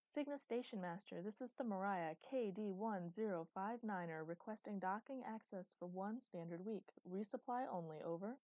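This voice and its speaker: A gentle father pilots a ship and talks over the radio in a calm, steady way, as a woman narrator puts him on. Her voice stays dark and mellow, and the recording is dry and close. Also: mid-range voice, moderate pace, few pauses, no echo, natural voice.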